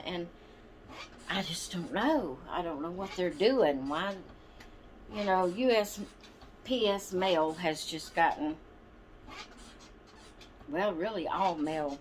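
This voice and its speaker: Slow-talking chatty woman vlogger. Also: mid-range voice, lively intonation, a little hiss or hum. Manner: rambling, chatty, frequent ums and asides. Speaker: doll channel vlog host. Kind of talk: casual chat to viewers.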